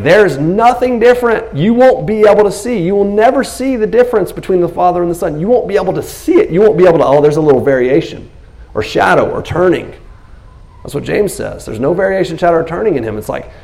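Man pastor, gravelly voice, lively sermon full of acted-out quotes. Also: sits high, fairly quick. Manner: animated preaching, acts out biblical scenes in quotes.

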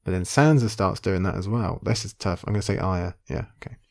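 A man with a low, gravelly voice and a mellow, dark tone talks through a quiz on camera. He muses half to himself and weighs his options before committing to each guess. The delivery is casual thinking-aloud commentary. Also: quick pace. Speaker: video creator playing an online quiz.

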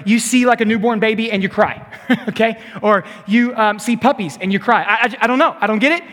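A man's voice: high voice, fairly quick, a bit bright. A man preaching a sermon as a youth pastor, retelling scripture in a conversational way with asides to his listeners. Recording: long reverb of a large hall.

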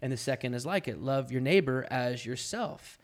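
Casting: male pastor, mid-range voice, relaxed podcast chat, playful streak. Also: medium pitch, moderate pace. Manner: playful, slips into goofy put-on accents.

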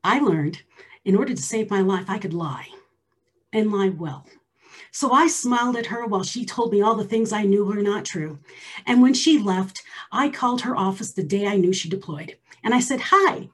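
Husky woman telling a personal story. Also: mid-range voice, moderate pace. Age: 40s. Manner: emphatic, drops to a hushed near-whisper for stress.

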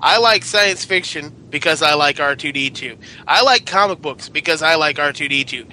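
A man hosts a casual panel chat, calling on each guest in turn. His voice sits high and rings very bright. He gets excitable and swears freely. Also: normal speed, hardly any pauses, slight background noise. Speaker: podcast host.

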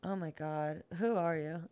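A woman's voice: lowish voice, mellow, clear, resonant tone. A young adult woman co-hosting a podcast, chatting casually in a playful, bantering way and laughing often. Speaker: co-host. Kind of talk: casual chat.

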